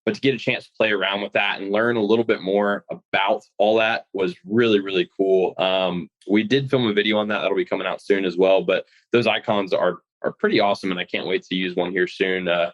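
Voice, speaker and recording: Low voice guy, laid back podcast chat, lots of ums, kinda dull lo-fi sound. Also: brisk, few pauses. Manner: relaxed, filler-heavy talker. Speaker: podcast co-host. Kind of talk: casual chat.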